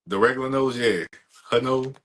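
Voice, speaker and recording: A man's voice: mid-range voice, moderate pace, fairly bright tone, poor audio. A man co-hosting a podcast, talking in a slangy drawl with short, emphatic reactions. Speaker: podcast co-host. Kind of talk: casual chat.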